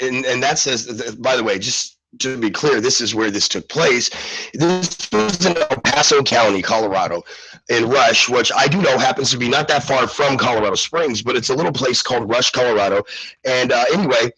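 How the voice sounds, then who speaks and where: A sick man hosting a live talk show, rambling through the news with lots of restarts and ums. His voice sounds husky and slightly rough. The recording is dry and close. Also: medium pitch, moderate pace, fairly bright tone, dry recording, poor audio. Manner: rambling, many restarts and fillers. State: sick, under the weather.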